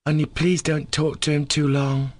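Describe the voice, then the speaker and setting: Anxious young woman in a classic-novel audiobook, man voicing lifted pitch, hushed pleading delivery. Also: level tone, normal speed, close to an everyday voice. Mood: worried pleading.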